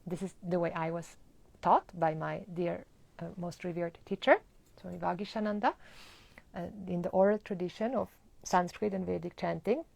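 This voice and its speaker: A woman teaching a live online Sanskrit chanting lesson, explaining pronunciation and then chanting words slowly. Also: fairly low pitch, vocal fry, a little mellow, no echo.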